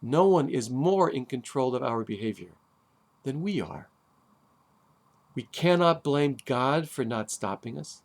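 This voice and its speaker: A man, a rabbi, giving a sermon on the weekly Torah portion, deliberate with dramatic pauses and wry asides. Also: medium pitch, lively intonation. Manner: deliberate, with long dramatic pauses and emphatic stresses.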